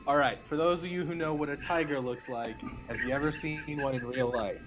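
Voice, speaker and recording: A man playing a tabletop game, giving deadpan in-character lines between hesitant fillers. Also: on the high side, a little fast, highs cut off, over music. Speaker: player. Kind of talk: casual tabletop role-play.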